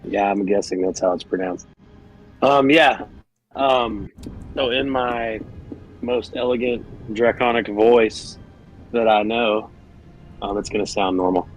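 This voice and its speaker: A man's voice: fairly low pitch, slow pace, pauses often, faint music behind, low-quality recording. A man playing a tabletop game, speaking hesitantly with many fillers. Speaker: player.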